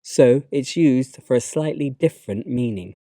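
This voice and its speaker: A man with a British English accent, narrating a slide lesson and giving learners instructions in a measured, instructive way. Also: medium pitch, mellow, no echo, clean studio sound. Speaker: English teacher.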